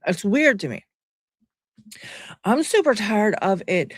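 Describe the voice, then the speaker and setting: A woman's voice: medium pitch, very animated, takes it slowly, long pauses, husky, no room sound, clean studio sound. A woman giving casual, sarcastic reaction commentary from home, talking to her viewers. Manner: sarcastic, exasperated, chatty. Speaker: commentary vlogger.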